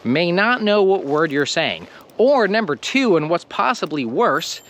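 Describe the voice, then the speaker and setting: Brief: American male English teacher, higher voice, very lively pitch, slow deliberate pace, faint background noise. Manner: slow, emphatic, lively delivery with stressed word endings. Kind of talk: scripted lesson to camera.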